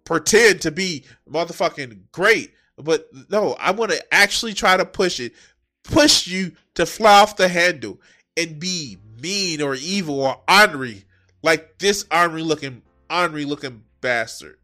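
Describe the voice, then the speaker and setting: High, bright-voiced mocking male commentator. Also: a little slow, faint music behind. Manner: mocking, animated, swears heavily. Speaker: commentator reacting to a video. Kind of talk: profane reaction commentary.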